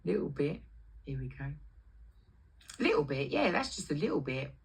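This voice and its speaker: A woman's voice: low-pitched, big pitch swings, moderate pace, husky, low-quality recording. A middle-aged woman hosting a livestream, telling brash, foul-mouthed stories about her past and acting out the voices of people in them. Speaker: livestream host. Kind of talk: casual storytelling on a livestream.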